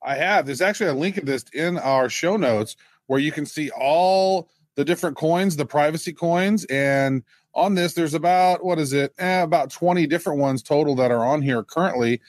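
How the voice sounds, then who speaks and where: A man co-hosting a podcast in casual chat, animated and joking, slipping into mock voices when quoting people. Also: a little high, normal speed, hardly any pauses, no echo. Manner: animated, joking, mimics others in quotes. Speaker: podcast co-host.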